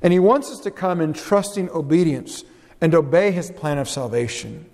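A man's voice: a little high, animated, moderate pace, creaky, darkish tone. A man preaching a sermon, reading scripture aloud with earnest, dramatic rises and drops in his voice. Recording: long hall reverb.

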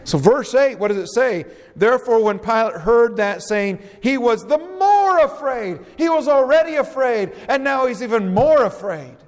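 Male pastor, high voice, emphatic verse-by-verse preaching, long hall reverb. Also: lively intonation, normal speed, few pauses, darkish tone. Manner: reads scripture verses aloud and explains them, emphatic. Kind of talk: expository sermon.

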